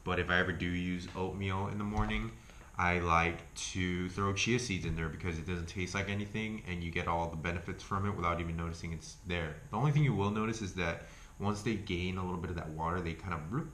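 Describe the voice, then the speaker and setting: A man's voice: deep voice, brisk, a bit bright, roomy sound, slight background noise. A man with an Argentine accent, chatting casually as a health food vlogger, rambling, swearing freely and correcting himself. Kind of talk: casual chat review.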